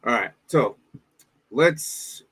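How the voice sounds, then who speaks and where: A man's voice: medium pitch, lively intonation, very slow, a bit bright, breathy edge. A man co-hosting a casual sports podcast, laid-back, often trailing off and tossing in "bro" and "man". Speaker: podcast co-host.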